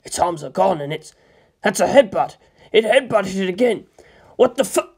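A man's voice: high voice, moderate pace, creaky, husky, voice pushed up, full character voice. A man voicing a middle-aged bystander filming a monster attack, blurting and swearing. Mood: frantic. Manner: excited breathless swearing. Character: middle-aged man filming a disaster, frantic then resigned.

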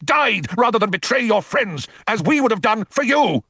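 A man's voice: sits high, very animated, normal speed, vocal fry, slightly rough, no room sound, exaggerated voice. A male audiobook narrator voicing a furious, vengeful man who roars at a traitor. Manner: roaring, forceful. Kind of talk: audiobook reading.

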